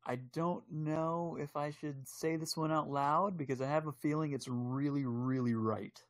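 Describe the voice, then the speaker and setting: A man's voice: a little high, fairly even intonation, moderate pace, no echo. A man co-hosting a casual podcast, speaking in a hesitant, teasing way. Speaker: podcast co-host. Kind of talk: casual chat.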